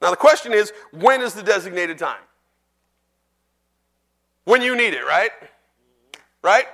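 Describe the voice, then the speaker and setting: A man preaching a sermon in a church, speaking conversationally to the congregation, asking them questions and reading scripture slowly and deliberately. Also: sits high, lively intonation, vocal fry, bright, forceful tone.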